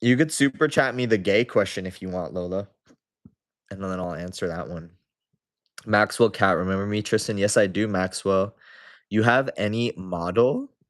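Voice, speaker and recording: A man's voice: lowish voice, normal speed. A young man hosting a livestream, casually reading viewer comments aloud and chatting back to them. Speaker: livestream host.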